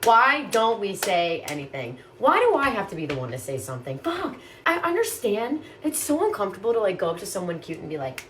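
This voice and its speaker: A young woman in a casual ranting monologue, exasperated and swearing freely, her pitch jumping up and down. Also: lively intonation, noisy background. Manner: exasperated, swears a lot, quick shifts in pitch. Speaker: TikTok creator.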